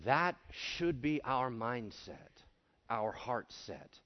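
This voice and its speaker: A man preaching a sermon in an animated way, acting out voices and swinging between hushed and shouted lines. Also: mid-range voice, very slow, dull audio. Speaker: pastor.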